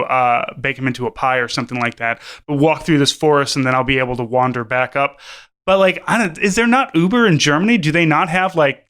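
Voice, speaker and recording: Bright, clear-voiced rambling man. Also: mid-range voice. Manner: rambling, profane, many fillers and restarts. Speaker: podcast co-host. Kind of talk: casual podcast chat.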